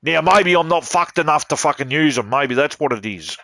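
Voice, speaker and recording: A man's voice: on the high side, lively intonation, a little fast, creaky, bright, forceful tone. A man giving casual, rambling gaming commentary, full of swearing and cheeky jabs.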